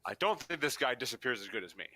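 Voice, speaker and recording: A man's voice: medium pitch, big pitch swings, fast talker, pushed and bright, no echo. A man chatting casually as a player in a tabletop game.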